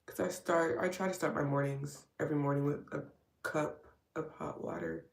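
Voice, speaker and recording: Doing her makeup at home on a live get-ready stream, a woman vlogger rambles casually and drops wry asides. She speaks at a moderate pace in a low-pitched, steady voice with vocal fry, captured from a distance with a roomy sound.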